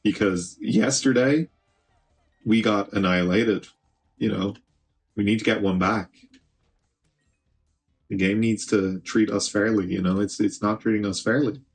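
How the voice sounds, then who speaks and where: Slow husky male game streamer. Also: lowish voice, fairly even intonation, soft background music. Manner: chatty, talks to the game, swears casually. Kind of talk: live gameplay commentary.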